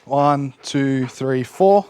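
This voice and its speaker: A man's voice: mid-range voice, drawn-out words, background noise. A man demonstrating dog training outdoors, explaining each step while giving his dog short cues and praise. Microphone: camera set up nearby.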